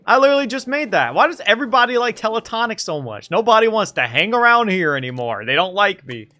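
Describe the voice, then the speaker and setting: Excitable man streaming a game. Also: high-pitched, fast talker. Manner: excitable, laughs often, quips at the characters. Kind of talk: game playthrough commentary.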